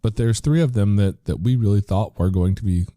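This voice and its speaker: Low-voiced American man, dark tone. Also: a little fast, no echo, studio quality. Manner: earnest, rambling, with frequent restarts. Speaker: podcast host. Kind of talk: casual conversational interview.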